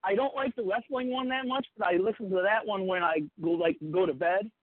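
A man phoning in to a podcast, rambling easily about what he listens to. His voice sits high for a man. The sound is dry and close, thinned by a phone line. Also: a little fast, no room sound. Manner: rambling, easygoing. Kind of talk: casual chat.

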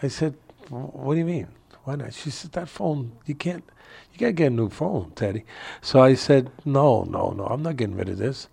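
A man's voice: medium pitch, normal speed, gravelly, husky. Older man telling a story, laughing. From New York area. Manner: animated, laughs through his anecdote. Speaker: guest, boxing trainer. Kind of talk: casual storytelling in an interview. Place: his home.

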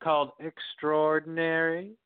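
A man's voice: on the high side, completely flat delivery, measured pace, smooth, no echo. A man co-hosting a podcast in casual chat, telling loose stories and laughing often. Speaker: podcast co-host. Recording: dry, tinny phone-like audio.

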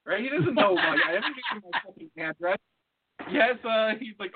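A high-voiced man tells a profane story in casual chat and acts out both sides of a phone call. The sound is thin and tinny, like a phone line. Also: expressive, a little fast, heavy background noise. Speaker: podcast co-host.

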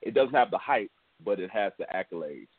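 A man in his thirties from Houston, Texas, co-hosting a podcast and telling a story in a relaxed, rambling way full of fillers. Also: fairly low pitch, a little fast, breathy edge, dry recording. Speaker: podcast co-host. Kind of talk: casual storytelling chat. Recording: dry, tinny phone line.

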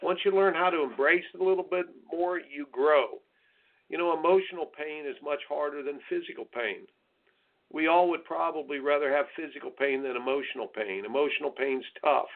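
Speaking a little fast in a male voice on the high side, this American radio host and tennis coach talks coaching advice through a tinny phone-line sound. He comes across as blunt, folksy and preachy, using sing-song asides to mock softness.

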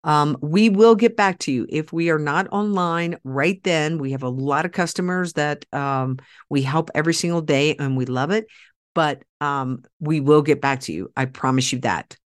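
Sitting low in pitch and speaking at a moderate pace, a woman hosts a podcast. Her persuasive monologue speaks directly to listeners in a rallying tone, emphatic, with key phrases repeated for force.

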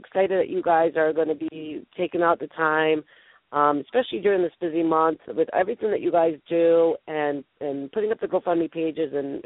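A woman's voice: sits low, dry recording. A woman hosting a casual chat show, brash and playful, trash-talking her guests. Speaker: podcast host. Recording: tinny phone-line audio.

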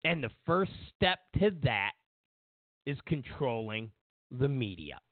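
Man, political commentary host, lively swooping pitch, mocking tone, tinny phone-like dry sound. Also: slow, dry recording. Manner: mocking, sarcastic, repeats lines for emphasis.

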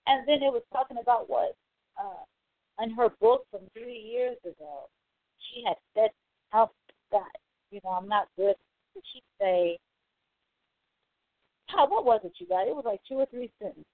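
Woman, call-in host, blunt and profane, slightly high voice, tinny phone audio. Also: moderate pace, pauses often, no echo. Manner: animated, blunt, swears freely. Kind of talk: casual opinionated commentary.

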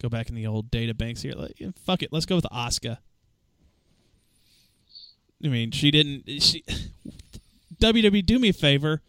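A man hosting a casual podcast chat, relaxed, laughing often and trailing off with fillers. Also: mid-range voice, normal speed, pauses often, clean tone, no echo. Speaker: podcast host.

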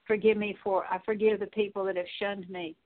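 A woman Bible teacher leading a slow, halting spoken prayer with many pauses and fillers. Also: medium pitch, little pitch movement. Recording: tinny phone-like audio.

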